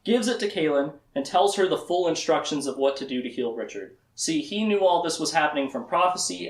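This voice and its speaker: Chatty man recapping a plot, echoey room. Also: medium pitch. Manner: laughs often and acts out characters' lines in quick asides. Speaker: book discussion host. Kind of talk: casual plot recap lecture.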